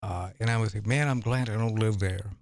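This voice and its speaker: Brief: lower-pitched man, mayoral candidate, halting folksy storyteller, dry studio sound. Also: vocal fry, darkish tone, no room sound. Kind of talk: conversational debate on radio. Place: radio studio.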